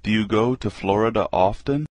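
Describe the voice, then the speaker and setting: Low-voiced man reading practice phrases. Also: no room sound. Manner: slow, carefully enunciated. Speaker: English phrase reader.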